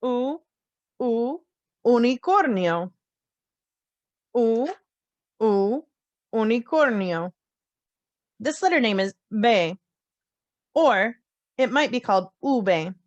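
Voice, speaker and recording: A woman teaching a phonics lesson, slowly sounding out letters and repeating each word with care. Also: fairly high pitch, expressive, no room sound, highs cut off. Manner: slow, carefully sounds out letters and words. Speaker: language teacher. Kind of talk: slow children's phonics lesson.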